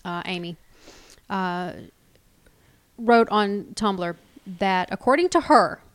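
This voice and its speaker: A woman's voice: mid-range voice, lively intonation, slow, smooth. A woman co-hosting a podcast in casual chat, chatty and prone to trailing off and restarting. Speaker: podcast co-host.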